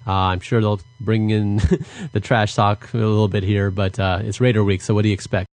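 A man's voice: lowish voice, level tone, normal speed, no room sound. A man co-hosting a sports podcast, upbeat and loose, with lots of fillers. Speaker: podcast co-host. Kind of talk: casual sports chat.

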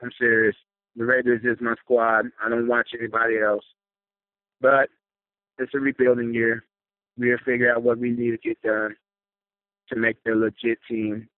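A man's voice: medium pitch, level tone, moderate pace, long pauses, no room sound. Male caller, enraged fan rant, heavy swearing; thin phone-line sound, dead dry. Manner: furious, swearing, venting.

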